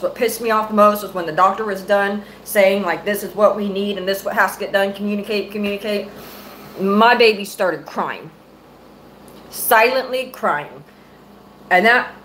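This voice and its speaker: A woman's voice: medium pitch, fairly bright tone, a little hiss or hum, rough recording. A middle-aged woman, a mother, angrily venting to her viewers on a live stream, cursing freely and close to her phone mic. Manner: angry, profane, venting.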